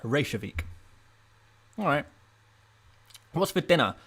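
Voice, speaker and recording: A young man from England chatting casually on a live stream, rambling and self-mocking, with bursts of playful excitement while he reads viewer comments. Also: medium pitch, normal speed. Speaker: fantasy football streamer.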